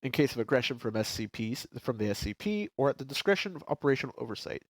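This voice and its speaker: A man's voice: mid-range voice, very animated, quick pace, dry recording. A congested man co-hosting a podcast, chatting casually and reading documents aloud with some stumbles and restarts. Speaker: podcast co-host. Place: his apartment.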